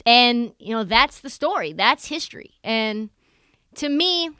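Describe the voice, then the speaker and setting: A woman co-hosting a podcast, chatting about sports in an animated, jokey way and acting out quotes. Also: a little high, a little slow, clean tone, dry recording. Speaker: podcast co-host. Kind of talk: casual sports chat.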